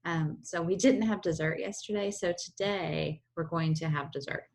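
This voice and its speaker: A woman's voice: on the low side, normal speed, vocal fry. A middle-aged woman co-hosting a podcast, chatting in a playful, teasing way. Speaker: podcast co-host. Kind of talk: casual chat.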